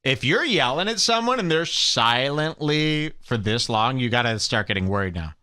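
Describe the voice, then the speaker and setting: A man hosting a live stream, mocking a rival show with sarcastic, salesman-like pitches. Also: sing-song, normal speed, pushed and bright, clean tone, dry recording, clean studio sound. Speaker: host. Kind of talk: mock-promotional live stream commentary.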